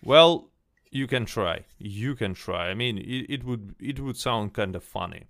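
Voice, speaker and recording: A man with a fairly low voice hosts a game livestream in a relaxed, chatty way. He restarts sentences and repeats words as he goes. The sound is dry and close. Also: a little slow, no echo. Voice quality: slightly hesitant, repeats words. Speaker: stream host. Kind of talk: casual livestream chat.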